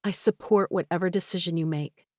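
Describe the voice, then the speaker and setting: Woman narrator doing a young woman, tearful older sister, soft and slow, a touch higher than the narration. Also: no echo, clean studio sound, natural voice. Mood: pleading, tearful.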